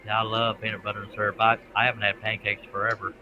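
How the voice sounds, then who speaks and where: A man's voice: on the low side, flat delivery, quick pace, bright, forceful tone, lo-fi sound, slight background noise. A man hosting a casual late-night live stream, folksy in his talk. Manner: folksy, says "by God" and "Amen".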